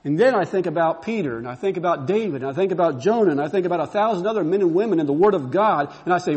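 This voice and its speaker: A man's voice: high-pitched, expressive, racing, hardly any pauses, a little mellow. A man preaching a sermon, telling a story and building to fervent, repeated exclamations.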